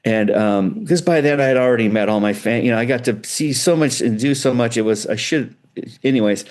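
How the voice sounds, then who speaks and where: Middle-aged guy guesting on an interview, rambly animated storyteller, lots of restarts, mid-pitched voice. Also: fairly quick. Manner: animated storyteller, loose and chatty with many restarts. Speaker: guitar builder guest.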